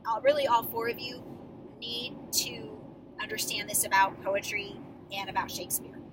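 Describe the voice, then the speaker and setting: A drama coach talks her students through their scenes, encouraging them and explaining at length. Her voice sits at an ordinary middle pitch and comes from some distance off the mic. Steady traffic noise runs underneath. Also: moderate pace. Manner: encouraging, explanatory, with many fillers. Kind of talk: acting feedback for students.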